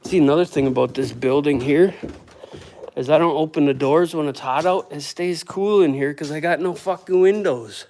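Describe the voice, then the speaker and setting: High-voiced cursing builder in an echoey room. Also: male voice, moderate pace, a little mellow. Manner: profane, grumbling, talks to himself and viewers. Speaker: building contractor. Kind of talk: casual work vlog, talking while working. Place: windowless building under construction, indoors. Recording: echoey room, distant mic, faint noise.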